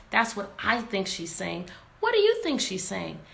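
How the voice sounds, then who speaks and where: A woman teacher leads a lively picture-book read-aloud, asking her class question after question. Her voice sits high with a gravelly edge. The recording sounds echoey, with a faint hiss behind her. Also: measured pace. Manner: animated, asks the class many questions. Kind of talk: interactive read-aloud lesson. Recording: echoey room, faint background noise.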